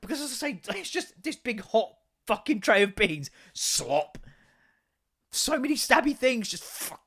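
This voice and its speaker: Sweary English podcast host ranting. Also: male voice, very high voice, unhurried, husky. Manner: sweary, animated, laughs often. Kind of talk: casual comedic rant.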